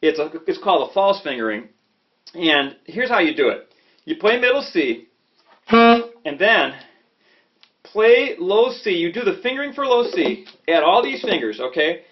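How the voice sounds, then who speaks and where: A man from Chicago giving a relaxed saxophone lesson, talking conversationally and checking in often with "okay?" and "you know". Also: sits high, moderate pace. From Chicago, USA. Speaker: saxophone teacher. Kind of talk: casual instructional talk. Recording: slightly dull lo-fi audio with faint music.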